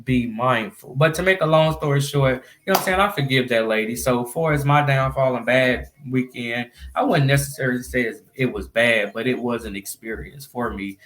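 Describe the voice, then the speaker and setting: A man's voice: mid-range voice, moderate pace, hardly any pauses, a bit bright, a little hiss or hum. A young man telling his viewers about a recent experience in a loose, conversational vlog style, often adding "you know what I'm saying.". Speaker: vlogger. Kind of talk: casual storytelling to camera.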